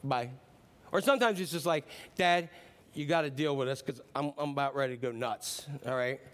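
A man's voice: mid-range voice, normal speed, a bit bright. A middle-aged man preaching a sermon, talking in a conversational way and rising to emphatic declarations. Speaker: pastor.

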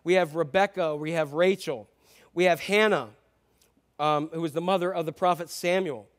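A man's voice: on the high side, moderate pace. A middle-aged man, a pastor, preaching a sermon in a conversational way with asides and restarts.

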